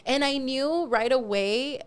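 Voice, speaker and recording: A young woman co-hosting a podcast, telling a personal story in an animated, casual way and swearing freely. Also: sits high, slow, clean tone. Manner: animated, swears freely, acts out quoted dialogue. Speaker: podcast co-host.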